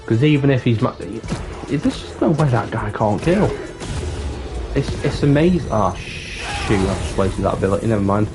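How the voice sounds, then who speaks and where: With a mid-range, animated voice at a moderate pace, a live streamer chats casually, wandering off topic and cursing here and there. He's in an unlit, dark room with music in the background.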